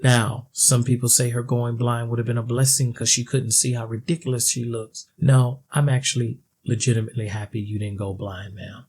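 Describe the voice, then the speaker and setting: A man's voice: mid-range voice, level tone, normal speed, hardly any pauses, a little mellow, a little hiss or hum. A man ranting in a video commentary, blunt and sarcastic, with a mocking edge.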